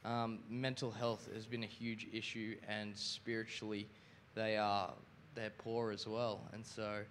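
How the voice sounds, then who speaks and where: A man speaks slowly and haltingly, his voice on the low side. Faint room noise sits behind him, and the mic picks him up from a little distance. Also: little pitch movement, a bit bright. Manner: hesitant, halting with fillers. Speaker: congregation member sharing. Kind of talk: casual sharing in a church talk.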